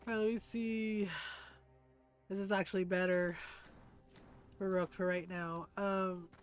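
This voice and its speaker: A woman streaming a video game, commenting casually and thinking aloud in an unhurried way while she yawns. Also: medium pitch, flat delivery. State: sleepy, yawning.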